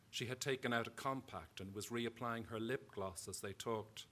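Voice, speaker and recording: At a live event, an author with an Irish accent gives a measured, storytelling reading of his own fiction. He has a medium-pitched voice that's a bit bright.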